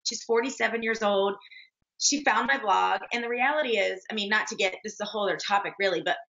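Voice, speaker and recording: A woman in her forties chats as an interview guest, telling her story earnestly with plenty of fillers. Her voice is bright and forward. The sound is dull and lo-fi. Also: medium pitch, fast talker, vocal fry. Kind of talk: casual interview chat.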